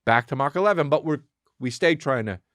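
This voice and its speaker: A man's voice: medium pitch, fairly quick, no room sound, studio quality. A man in his thirties hosting a podcast, telling rambling, profane stories in a casual comedic monologue. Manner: rambling, profane, animated storytelling. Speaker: podcast host.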